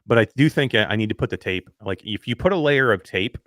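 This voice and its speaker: A man's voice: lowish voice, expressive, quick pace, no echo, studio quality. A man co-hosting a casual talk show, telling stories in a rambling way with lots of fillers and laughing at himself. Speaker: podcast co-host. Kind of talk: casual chat.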